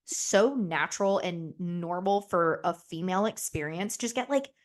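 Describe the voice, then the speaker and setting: A woman's voice: on the low side, unhurried. A young woman hosting a podcast in casual, candid chat, swearing freely and acting out the voices in her stories. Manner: chatty, candid and profane, acts out quoted voices. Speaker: podcast host.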